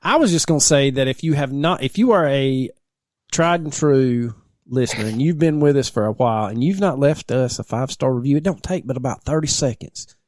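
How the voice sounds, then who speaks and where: Joking man, lively pitch. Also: a little fast, no echo, clean studio sound. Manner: joking, drawling Southern talk. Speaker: podcast co-host. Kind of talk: casual banter.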